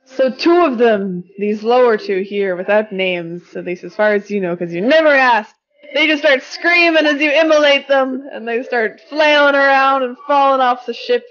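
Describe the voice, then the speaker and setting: A woman's voice: high voice, moderate pace, lo-fi sound. Woman narrating as game master. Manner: vivid, animated scene narration.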